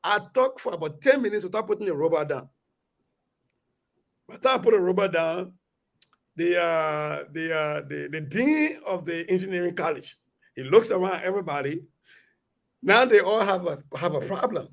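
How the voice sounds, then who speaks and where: Animated Liberian man with a gravelly voice. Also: high voice, moderate pace. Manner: animated, lively storyteller with many restarts. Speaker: radio guest. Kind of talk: storytelling in conversation.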